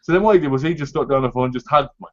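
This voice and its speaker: A man's voice: medium pitch, racing, muffled recording. A man co-hosting a casual chat about games, rambling and tagging his sentences with "right?" and "you know". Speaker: co-host.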